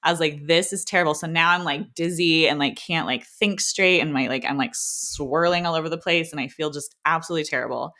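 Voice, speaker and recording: Low-voiced woman telling a story casually. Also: a little fast, hardly any pauses, bright, forceful tone. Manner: chatty, frequent "like", acts out quoted exchanges. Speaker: podcast co-host.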